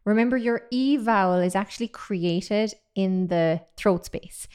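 Brief: woman, 30s, upbeat vocal coach, smooth resonant tone, mid pitch. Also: a little slow, darkish tone. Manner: enthusiastic, chatty, demonstrates sounds. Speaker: singing voice coach. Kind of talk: vocal technique lesson.

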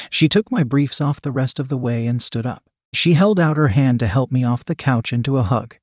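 A man reads a first-person story aloud in a steady, even manner. His voice sits at a middling pitch, and the recording is dry and close, with no room echo. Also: moderate pace, hardly any pauses.

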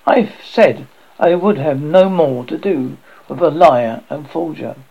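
Gravelly man reading a horror tale. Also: fairly high pitch, lively intonation, slow pace, highs cut off. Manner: theatrical, with stumbles and restarts. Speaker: horror story narrator. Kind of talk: dramatic reading of a classic story.

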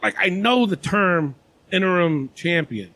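A man's voice: sits high, lively intonation, unhurried, sharp tone. A man hosting a casual wrestling podcast chat, talking in a meandering, hedging way. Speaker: podcast host.

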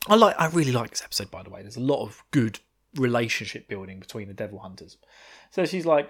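A man in his thirties co-hosts a podcast, loosely recapping an anime episode as he rambles, chuckles often, and swears freely. His mid-range voice is fast, sing-song, and slightly rough.

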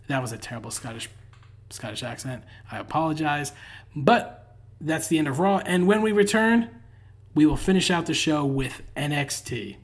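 A man's voice: on the high side, normal speed. A man hosting a solo podcast, recapping in a casual, dry and sarcastic way with lots of "uh" fillers and the odd sigh. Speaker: podcast host.

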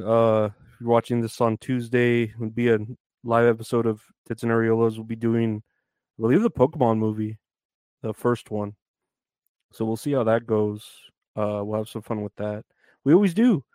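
A man's voice: medium pitch, darkish tone, clean tone, no echo. Solo podcast host, male, loose and self-mocking, recorded dry and close. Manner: rambling, filler-heavy, self-mocking. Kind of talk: casual solo podcast chat.

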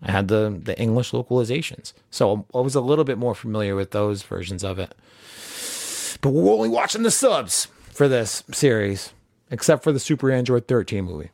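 A man's voice: mid-range voice, big pitch swings, brisk, creaky, darkish tone, no echo, clean studio sound. A young man co-hosting a podcast, chatting casually and profanely about a movie and acting out character lines. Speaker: podcast co-host. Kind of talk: casual movie review chat.

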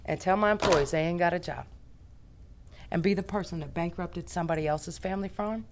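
An American woman, a business founder, telling a story as a podcast guest in a brash, profane, animated way. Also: lowish voice, fairly quick, noisy background.

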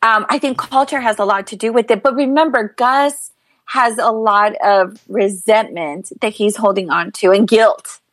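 A woman's voice: medium pitch, normal speed, dry recording. A middle-aged woman co-hosting a casual podcast, thoughtful and rambling, with fillers and restarts. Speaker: podcast co-host.

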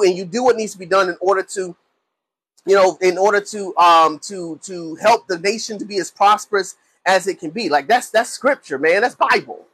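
Animated high-voiced preachy man. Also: breathy edge, dry recording, rough recording. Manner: animated, preachy, repeats himself, acts out angry people. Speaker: host. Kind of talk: casual faith talk show monologue.

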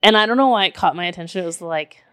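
A woman in her thirties telling a story in casual chat, animated and emphatic, full of "like" and the odd curse word. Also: lowish voice, racing, clean tone, no room sound, clean studio sound. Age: 30s.

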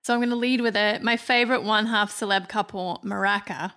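Woman with end-of-day vocal fry. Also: medium pitch, steady tone, a little fast, pushed and bright. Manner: chatty, storytelling with laughs. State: tired end-of-day voice, a bit dry. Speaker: pop culture contributor. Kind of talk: casual podcast chat.

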